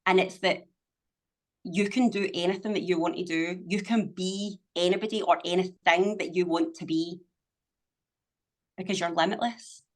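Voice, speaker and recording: A woman's voice: fairly low pitch, fairly even intonation, moderate pace. Emphatic, swearing woman. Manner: emphatic, motivational, swears freely. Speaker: podcast guest, business owner. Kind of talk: casual conversation.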